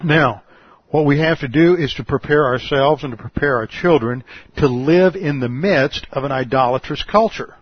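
A man preaching an expository sermon, teaching in a measured, emphatic way and posing rhetorical questions. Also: medium pitch, husky, dry recording, dull audio. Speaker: pastor.

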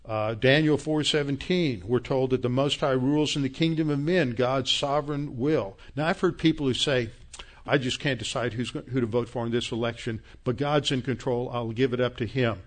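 A man's voice: mid-range voice, moderate pace. Emphatic man preaching a sermon. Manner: emphatic, rising to angry scolding; quotes scripture references. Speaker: pastor.

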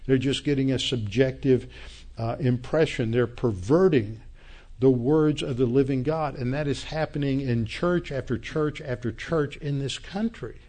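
A man's voice: medium pitch, unhurried, mellow. A male pastor delivers a Bible-teaching sermon. He speaks in an emphatic, direct way, leaning hard on key phrases as he presses his point. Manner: emphatic Bible teaching with frequent restarts and quoted voices.

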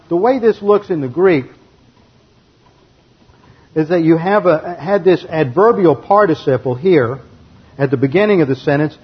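Husky man teaching Bible grammar. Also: fairly high pitch. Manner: methodical, explains grammar step by step, reads verses aloud. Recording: dull lo-fi recording.

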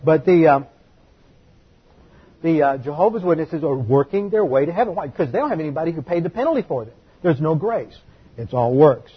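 Animated and a little quick, a pastor with a highish, breathy voice preaches a methodical, emphatic teaching sermon. He repeats figures and spells out terms for listeners to record, and the audio is dull lo-fi.

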